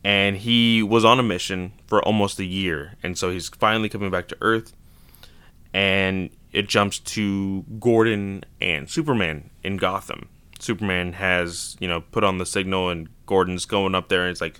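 A man with a very low, clear voice talks through a comic storyline in a loose, enthusiastic way. His tone is bright and forward, and the sound is dry and close. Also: steady tone, normal speed, no echo. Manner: enthusiastic, loosely retells scenes with quoted lines. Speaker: comic book reviewer. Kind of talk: casual recap.

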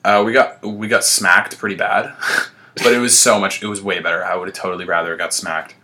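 A man's voice: low-pitched, level tone, brisk, pushed and bright, slight background noise. A young man hosting a casual podcast chat, telling laid-back stories with frequent laughs. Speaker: podcast host.

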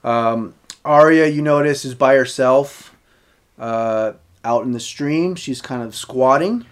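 A man recaps a TV episode in relaxed, conversational chat. His voice sits at an ordinary middle pitch. He often stops, restarts and fills gaps with "uh" and "um" as he retells the scenes. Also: clean tone. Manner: halting, many fillers and restarts. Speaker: podcast host recapping a TV episode.

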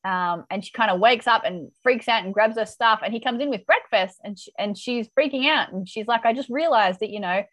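Woman, casual chat, animated recap, dry close sound. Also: fairly high pitch, a little fast, hardly any pauses, no room sound, low-quality recording. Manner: chatty, animated retelling with laughs. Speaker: podcast co-host recapping a TV episode.

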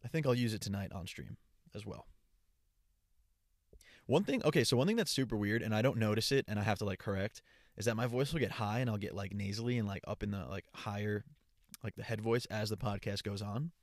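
Casting: young male solo podcaster, gravelly and low, dry close sound, loose rambling delivery. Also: a little fast, dry recording. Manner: rambling, stream of consciousness. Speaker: podcast host. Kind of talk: casual solo podcast monologue. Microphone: portable travel mic.

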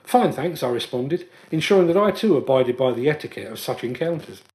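A man hosting a podcast, telling a personal story in an earnest, measured way as a scripted monologue. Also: mid-range voice, lively intonation, darkish tone. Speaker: podcast host.

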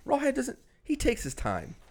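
A man co-hosting a podcast, chatting about a horror film in an animated, jokey way. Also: very high-pitched, moderate pace. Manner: animated, jokey, mimics characters. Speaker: podcast co-host. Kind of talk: casual movie review chat.

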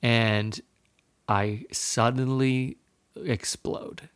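A man's voice: medium pitch, fairly even intonation, drawn-out words, clear, resonant tone, no room sound. A man in his thirties telling a personal story on a podcast, rambling and self-deprecating, with many fillers and restarts. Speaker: podcast guest. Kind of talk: casual storytelling.

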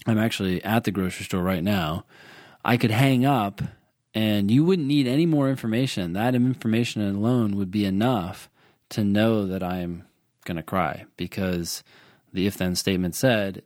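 A man's voice: fairly low pitch, moderate pace, a little mellow, no echo, studio quality. A man tutoring for the LSAT in a casual chat, patiently explaining logic with everyday examples and repeating key points.

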